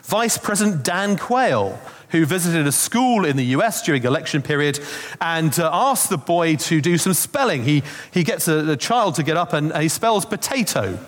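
A man's voice: on the high side, big pitch swings, moderate pace. A man preaching a Christmas sermon, telling stories in a conversational way with asides. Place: church. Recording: long reverb of a church hall.

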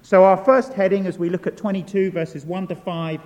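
A man preaching a sermon in a large church, measured and deliberate, repeating key words for emphasis. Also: fairly high pitch, a little mellow. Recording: long church reverb.

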